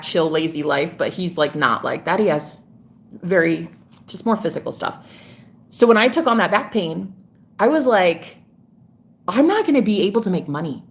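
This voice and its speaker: A woman tarot reader chatting on a live stream, gushing and swearing freely as she talks to viewers. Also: medium pitch.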